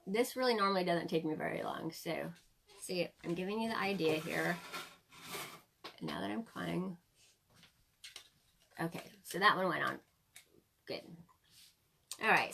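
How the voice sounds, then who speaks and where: A woman's voice: mid-range voice, sharp tone. A woman in her forties hosting a casual live-stream makeup tutorial, chatting to viewers and laughing often. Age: 40s.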